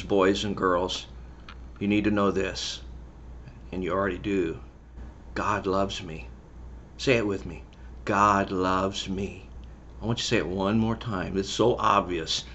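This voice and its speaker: A middle-aged man leading a children's church service, cheering the kids on and then telling a Bible story gently. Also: mid-range voice, muffled recording. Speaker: children's pastor. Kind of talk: lively children's church talk.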